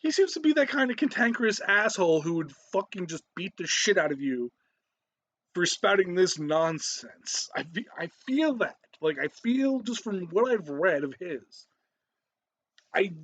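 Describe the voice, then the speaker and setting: A man's voice: high voice, very animated, normal speed, a bit bright, highs cut off. A man giving a profane, ranting reaction commentary, swearing heavily and cutting in with laughs.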